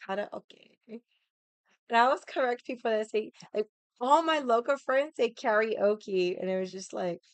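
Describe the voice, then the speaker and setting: A young woman chats on her livestream in a lively, animated way, laughing often and swearing now and then. Her voice is smooth and clear, and the sound is dry and close, with no room around it. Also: a little high, moderate pace, no room sound. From United States. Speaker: livestream host. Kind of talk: casual chat.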